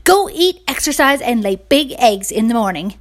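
A woman voicing a vain, bossy male rooster in a storybook, loud and commanding. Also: high-pitched, very animated, a little slow, full character voice.

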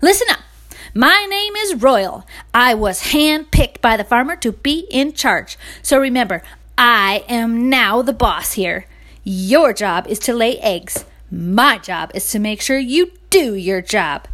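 A woman voicing a vain, bossy male rooster in a storybook, loud and commanding. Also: sits high, sing-song, a little slow, few pauses, exaggerated voice.

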